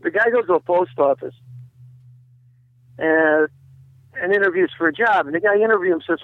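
A man with a rather high voice tells a joke as a comedian guest, acting out the voices as he goes. His line sounds muffled and dull, with no room echo around it. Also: fairly quick, long pauses. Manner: animated storyteller who acts out the voices in his joke. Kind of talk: phone interview, telling a joke.

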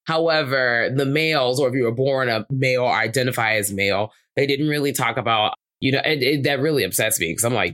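A podcast co-host in casual movie review chat, animated, swearing freely and jumping into high-pitched impressions. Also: fairly quick, hardly any pauses.

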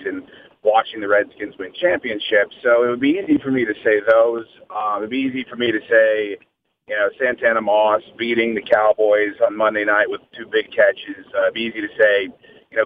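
A radio host from the Washington area in casual interview chat, relaxed and joking, heard over a phone line. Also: male voice, lowish voice, slight background noise.

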